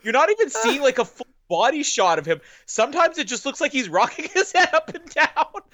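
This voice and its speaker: A man's voice: very high-pitched, very animated, fairly quick, sharp tone, highs cut off, slight background noise. A man co-hosting a podcast, making wry, joking remarks during a film commentary and laughing a lot. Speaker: podcast co-host. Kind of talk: casual film commentary chat.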